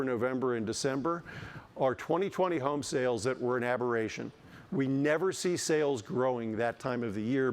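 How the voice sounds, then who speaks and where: Keynote speaker, middle-aged man, mid-pitched, lively delivery, quick jokes, restarts mid-sentence. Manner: animated, joking asides, frequent restarts. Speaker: keynote speaker, housing economist. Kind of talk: conference keynote talk. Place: conference stage.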